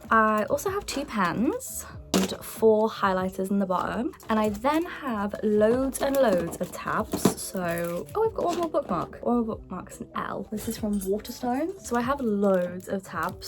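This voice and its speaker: A young woman chatting casually about her books, excitable, with the odd hushed aside. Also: medium pitch. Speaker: book vlogger. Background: faint background music.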